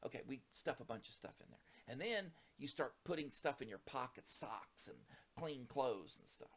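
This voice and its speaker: In a casual story about a misadventure, a man with a gravelly, creaky edge speaks at normal speed. He's animated, swinging his pitch widely to act out quoted voices of the people involved, and climbs high and loud at tense moments to reach excited peaks.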